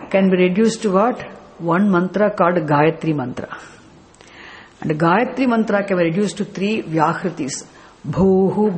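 A man's voice: high-pitched, slight background noise. A man teaching a scripture class, explaining step by step with rhetorical questions and chanting verses. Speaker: spiritual teacher.

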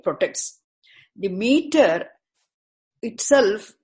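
Woman, patient scripture teacher who repeats herself and asks "okay?" often. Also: mid-range voice. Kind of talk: explanatory lecture.

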